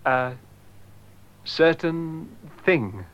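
Polite, bewildered young man, slow and lively in tone. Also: a little high. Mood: polite, puzzled. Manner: slow, polite, with awkward laughs. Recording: dull lo-fi old tape.

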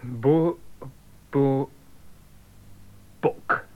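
An actor playing a shaken young man, speaking clearly and slowly for learners, on a dull lo-fi tape. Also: medium pitch. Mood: tense. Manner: clear, slow learner-friendly delivery.

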